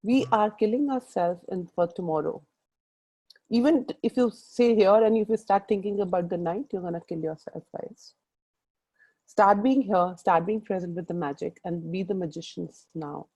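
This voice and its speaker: Indian english lady coach on a group call, warm mellow voice, rambly and earnest. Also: mid-range voice, moderate pace, poor audio. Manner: earnest, rambling, urging listeners directly. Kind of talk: motivational group call talk.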